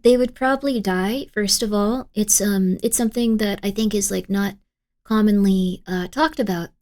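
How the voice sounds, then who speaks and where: A woman's voice: mid-range voice, steady tone, moderate pace, darkish tone. A woman streamer chatting casually with her live chat, giggly, rambling and full of apologies. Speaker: streamer reacting to videos.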